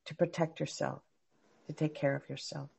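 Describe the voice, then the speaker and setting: A middle-aged woman leads a class on anxiety in a low, gravelly voice. She has a husky edge and talks earnestly, often circling back and repeating words while she thinks. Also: little pitch movement, normal speed, darkish tone. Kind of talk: live class talk.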